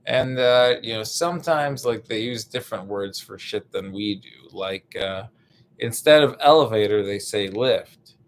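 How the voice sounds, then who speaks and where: A young American man doing a rambling, profane stand-up bit, full of fillers and restarts, now and then bursting into loud put-on voices. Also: medium pitch. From United States. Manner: meandering, profane, lots of fillers, sudden shouted bits. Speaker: stand-up comedian.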